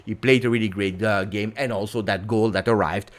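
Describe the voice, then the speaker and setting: Animated Italian-accented man. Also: on the low side, fairly quick. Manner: animated, emphatic, sudden swings in loudness; peppers English with Italian exclamations. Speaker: football channel host. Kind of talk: football recap vlog.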